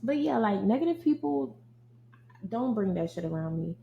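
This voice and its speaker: A woman's voice: fairly high pitch, normal speed, gravelly, highs cut off, slight background noise. A young woman hosting a podcast, venting bluntly and with lots of profanity in a casual rant. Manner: blunt, profane, animated venting, addresses listeners as y'all. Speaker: podcast host. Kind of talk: casual ranting monologue.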